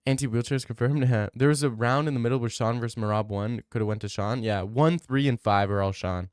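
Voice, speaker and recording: A man's voice: medium pitch, brisk, clear, resonant tone, no room sound, studio quality. A young man streaming, chatting casually as he reads his live chat, rambling and opinionated, repeating himself.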